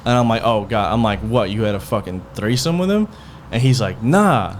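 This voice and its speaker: A man with a fairly low, expressive voice talks at a moderate pace against slight background noise. He's a podcast host recounting a heated personal story, rambling and cursing as he quotes the back-and-forth.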